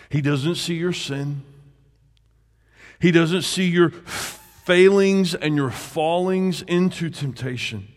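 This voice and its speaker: A man preaching a sermon as a pastor. He draws his words out and lets key lines sink to a near hush. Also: fairly high pitch. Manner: slow, drawn-out delivery that sinks to a hush on key words. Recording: reverberant hall.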